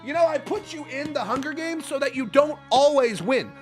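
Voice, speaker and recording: A young man streaming a game, reacting excitably, swearing and yelling at what happens. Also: very high voice, normal speed. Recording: music playing behind.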